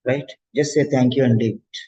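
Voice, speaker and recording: A man coaching students for an exam, giving a preachy motivational talk in a mid-pitched voice and repeating lines for emphasis. The sound is dull and lo-fi. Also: steady tone, moderate pace, warm tone. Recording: dull lo-fi lecture audio.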